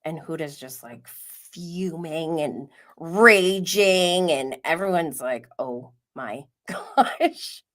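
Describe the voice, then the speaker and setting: Woman host of a reality TV live stream: relaxed pace, gossipy, giggly, drops to a whisper at times. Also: lowish voice. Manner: gossipy, chatty, drops to a whisper and laughs often. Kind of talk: casual live-stream commentary.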